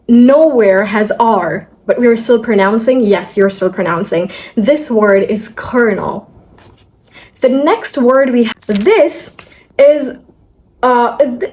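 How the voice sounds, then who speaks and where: A young woman gives a video lesson on pronunciation, speaking directly to viewers and repeating words slowly, one syllable at a time. Her voice sits on the high side and is a little mellow.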